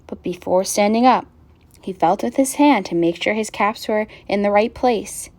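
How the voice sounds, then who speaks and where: A woman reading a picture book aloud with gentle, expressive narration. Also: mid-range voice, moderate pace. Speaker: storyteller.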